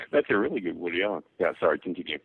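A man's voice: low-pitched, sing-song, rapid-fire, breathy edge, no echo. An Australian man calling into a radio show, teasing the host in a laid-back way. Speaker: caller. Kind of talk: call-in radio talk. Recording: dry, tinny phone line.

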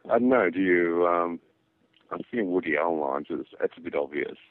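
A man's voice: sits low, lively intonation, normal speed. An Australian man calling into a radio show, teasing the host in a laid-back way. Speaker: caller. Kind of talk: call-in radio talk. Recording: dry, tinny phone line.

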